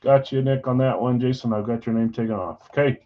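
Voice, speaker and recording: A man hosting a live card break, talking casually and rattling off names and teams in quick runs. His voice sits at an ordinary middle pitch. The stream audio is a little dull and muffled. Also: fairly even intonation, slight background noise. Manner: chatty, reads out names and teams in quick lists.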